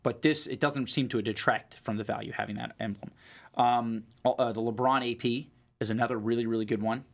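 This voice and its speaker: A man's voice: medium pitch, steady tone, brisk, creaky. A man co-hosting a show as a watch trader, talking in a rambling casual way with lots of fillers and restarts. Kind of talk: casual chat.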